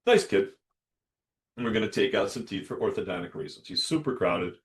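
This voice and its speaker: Lower-voiced man telling a lively story. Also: brisk. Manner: animated, acts out dialogue in lively voices. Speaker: dentist podcast host. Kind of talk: solo storytelling monologue.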